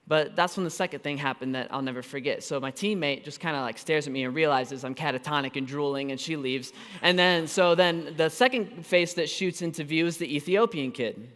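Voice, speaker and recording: A high-voiced man in his thirties preaches a storytelling sermon, animated and self-deprecating. He breaks into quick asides and restarts. His voice rings with a long reverb through a church auditorium. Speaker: pastor.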